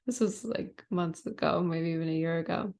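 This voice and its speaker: A woman's voice: lowish voice, moderate pace, a little mellow. A woman guest on a podcast, telling a personal story in a reflective, casual way, full of "like" and "you know.".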